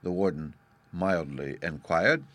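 A man narrates a storybook in a measured, even way. His voice sits on the low side, and the sound is dry and close. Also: dry recording.

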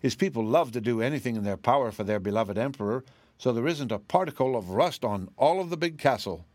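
A man's voice: medium pitch, expressive, brisk, darkish tone, dry recording, natural voice. A man doing a small, earnest kindly wizard. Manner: earnest, a bit nervous.

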